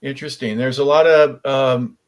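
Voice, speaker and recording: A man's voice: mid-range voice, fairly even intonation, normal speed, clean tone. A man hosting sports talk radio, asking long questions with many fillers. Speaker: radio host.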